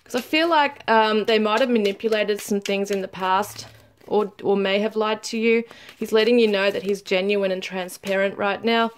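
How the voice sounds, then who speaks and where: A woman giving a casual tarot reading to viewers, chatty and laughing often, reading card messages aloud slowly. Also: mid-range voice, fairly even intonation, a little hiss or hum. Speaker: tarot reader.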